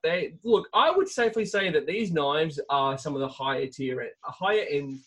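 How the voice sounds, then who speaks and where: A man playing a husky, deadpan killer, comedy podcast bit. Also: fairly high pitch, normal speed. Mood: deadpan menacing. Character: menacing man posing as a notorious cult leader. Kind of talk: improvised comedy sketch.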